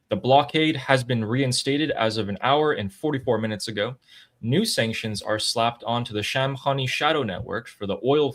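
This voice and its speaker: A man running through a news roundup in a brisk, announcer-like way. His voice is of middle pitch for a man. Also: a bit bright. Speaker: news analyst.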